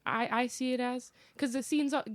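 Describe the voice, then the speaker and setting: A woman's voice: high voice, fairly even intonation, normal speed, no echo. A woman from Chicago speaking as a podcast guest in a basement. She talks it through thoughtfully, filling her sentences with "like". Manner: thoughtful, hedging with "like". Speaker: podcast guest, cannabis media founder. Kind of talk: casual podcast discussion.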